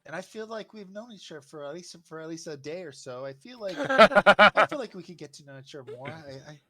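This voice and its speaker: Man doing a kind, hesitant young village woman in a tabletop game; bright and a touch high. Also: lively intonation, brisk. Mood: friendly. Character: kind young woman cook, gentle and helpful.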